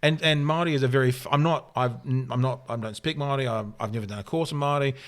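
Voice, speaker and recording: A man's voice: medium pitch, rapid-fire. A New Zealand man hosting a casual podcast chat, telling stories and acting out the voices of people he quotes. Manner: animated storyteller, acts out quoted voices. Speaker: podcast host. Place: hotel room by a lake.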